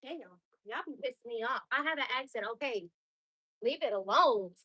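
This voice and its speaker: A woman's voice: on the high side, expressive, moderate pace, pushed and bright, breathy edge, poor audio. A woman in her twenties chatting casually on a livestream, answering viewer comments in a blunt, outspoken way and swearing freely.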